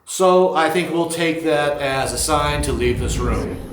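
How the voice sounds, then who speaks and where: A man hosting a ghost hunt, calmly asking questions of spirits inside a large abandoned hospital. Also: a little high. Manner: calm, questioning, talks slowly to the unseen. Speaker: paranormal investigator host. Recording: echoey empty building, faint noise.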